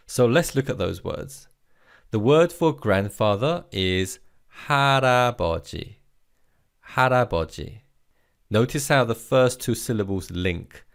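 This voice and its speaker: A man with a fairly low voice teaches a Korean vocabulary lesson. He speaks slowly and clearly, leading listen-and-repeat drills in an encouraging way.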